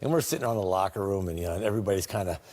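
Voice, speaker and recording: A man's voice: low voice, rapid-fire, darkish tone. A man, a former pro basketball player, telling anecdotes in an interview, laughing often and filling with "you know". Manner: chuckling storyteller, lots of "you know" fillers.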